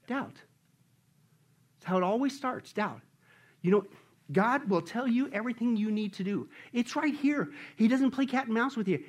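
A male pastor preaching a sermon in an animated, conversational way, often quizzing the congregation with questions. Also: high-pitched.

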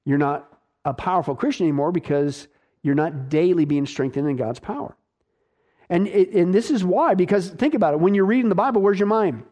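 A man with a high-pitched voice preaching a sermon. He speaks emphatically, keeps asking his listeners questions and answering them himself, and drives his points home in short, repeated phrases. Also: animated, brisk, dark tone. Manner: repetitive, punchy short phrases. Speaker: pastor.

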